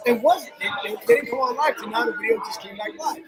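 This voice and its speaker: A man's voice: very high-pitched, brisk, a crowd in the background, poor audio. A man hosting a sports talk show, rambling and repeating himself as he talks. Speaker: host. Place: loud sports bar.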